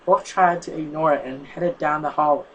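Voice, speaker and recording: A man's voice: a little high, steady tone, normal speed, slight background noise, rough recording. A man casually reading a fanfic aloud, stumbling and correcting himself, his voice strained from a sore neck. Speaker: fanfic reader.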